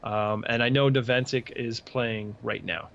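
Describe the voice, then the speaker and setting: Male co-host, mid-pitched, relaxed hedging talk, lo-fi call audio. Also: unhurried, creaky. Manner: relaxed, hedging, dry sarcasm. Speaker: podcast co-host. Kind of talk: casual esports podcast chat.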